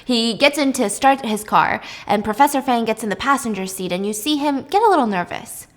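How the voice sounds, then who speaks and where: A young woman hosting a casual video, telling a story in a chatty, animated way while baking. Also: fairly high pitch, a little fast. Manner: chatty, animated, laughs often. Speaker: host.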